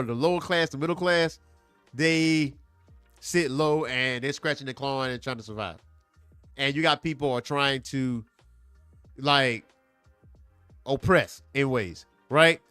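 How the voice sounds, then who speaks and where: A man hosting a casual comic book review, talking in an animated, emphatic way and repeating points for effect. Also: on the high side, clean tone, no room sound. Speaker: comic book show host.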